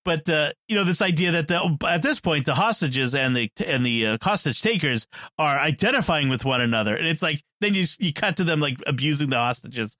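A man with a voice sitting a little high for his sex talks through a film in a casual, chatty way. He laughs often and restarts sentences mid-thought. The sound is dry and close, with no room around it. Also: animated, a little fast, sharp tone, no room sound. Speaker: podcast co-host. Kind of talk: casual movie discussion.

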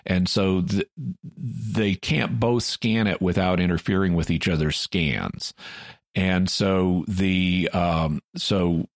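Lower-voiced man recapping a show. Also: fairly even intonation, slow, no room sound, studio quality. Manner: storytelling with frequent restarts and acted-out quotes. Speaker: podcast co-host. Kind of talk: casual chat, recapping an episode.

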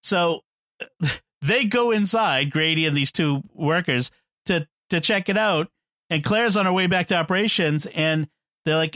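A man's voice: a little high, unhurried, pushed and bright, dry recording, studio quality. A man in a casual film discussion, retelling the plot, acting out the characters' lines and laughing often. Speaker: podcast co-host.

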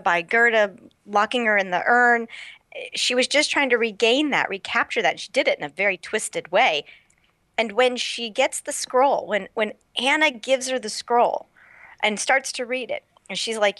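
A woman's voice: on the high side, fairly bright tone, dry recording, clean studio sound. A woman in her thirties chatting casually, animatedly retelling a TV episode and acting out the characters' lines. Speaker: podcast co-host. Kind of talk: casual chat recapping a TV episode.

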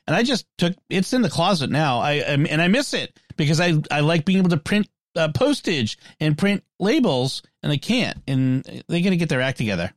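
A man's voice: a little high, big pitch swings, fairly quick, hardly any pauses, no room sound, studio quality. A man co-hosting a tech podcast in casual chat, talking at length with restarts and fillers. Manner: chatty, frequent restarts and fillers. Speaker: podcast co-host.

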